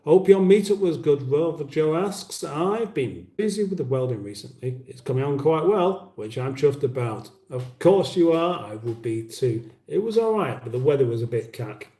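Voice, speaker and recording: A man's voice: a little high, lively intonation, normal speed, hardly any pauses, mellow. Rambling British man in a roomy kitchen. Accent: British English. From England. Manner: rambling, wry banter with frequent restarts. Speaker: livestream host. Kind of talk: casual livestream chat reading comments. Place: home kitchen.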